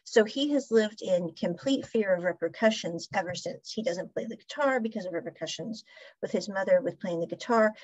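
A woman's voice: medium pitch, normal speed, breathy edge, no echo. Chatty woman host with a dull, dry sound. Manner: chatty storytelling, recapping scenes with asides. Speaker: podcast host reviewing a drama series. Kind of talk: casual review monologue.

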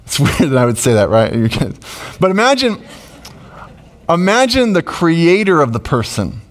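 A middle-aged man preaching a sermon as pastor, conversational and emotional, with sudden loud rises. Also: on the high side, sing-song, moderate pace.

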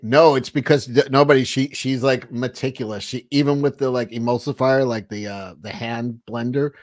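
Guy hosting a live stream, just chatting, swears a lot, keeps restarting his sentences, ordinary middle-pitched voice. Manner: rambling, profane, frequent restarts. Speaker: livestream host. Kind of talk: casual livestream chat.

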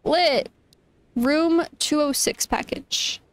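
A woman's voice: high voice, takes it slowly. A young woman streaming a game, chatting casually, reading game text aloud and exclaiming often. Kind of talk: casual gameplay commentary.

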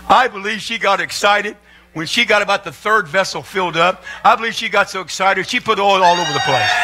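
A man preaching a humorous sermon as pastor, animated and joking, building up to excited shouting. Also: high-pitched, fairly quick. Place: church sanctuary.

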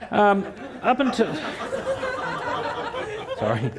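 A middle-aged Australian man giving a keynote speech to a live audience, telling cheeky stories and acting out both sides of his conversations. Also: fairly high pitch. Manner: cheeky storytelling, acting out dialogue with a jokey punchline rhythm. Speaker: motivational speaker.

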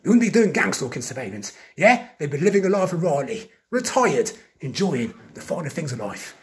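Man ranting with a lively pitch. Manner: agitated ranting, ends nearly every phrase with a questioning "yeah?"; accusatory, lists names and grievances in rapid repetition. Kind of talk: monologue vlog.

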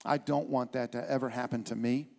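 A man's voice: mid-range voice, steady tone, brisk, gravelly. A male pastor preaching a sermon at a church service in an emphatic, repetitive way.

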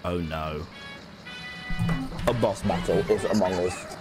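A man streaming a game live, excitable and swearing as he jokes with his chat. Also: low voice, slow pace, music in the background. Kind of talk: live gameplay commentary.

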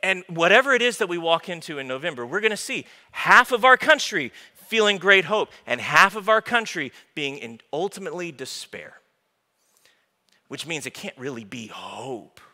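A male pastor preaching an informal, animated sermon in a church, with joking asides to the congregation. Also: fairly high pitch, normal speed. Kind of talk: conversational sermon. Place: church sanctuary. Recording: long hall reverb from a church room.

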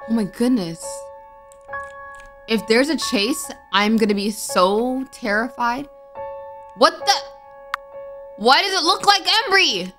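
Jumpy high-voiced woman gaming. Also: expressive, slow pace, pauses often, pushed and bright, faint music behind. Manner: jumpy, gasping, anxious self-talk. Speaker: gaming streamer. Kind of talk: horror game let's play commentary.

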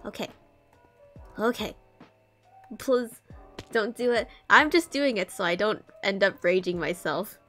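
Bright, lively young woman gamer. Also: mid-range voice, measured pace, faint music behind. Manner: playful, giggly, mock-dramatic. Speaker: streamer. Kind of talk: casual gaming stream chat.

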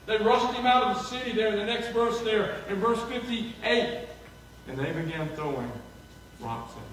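A man preaching a sermon, animated and acting out the voices of people he quotes. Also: high-pitched, normal speed, a little hiss or hum. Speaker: pastor. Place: church sanctuary. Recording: echoey hall from far off.

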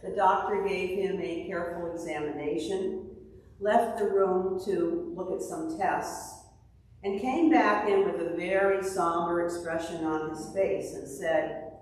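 Slow-spoken woman pastor in echoey sanctuary. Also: lowish voice, a little hiss or hum. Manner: slow, measured delivery with a told joke. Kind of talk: scripture reading and sermon. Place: church sanctuary. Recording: distant mic in an echoey hall.

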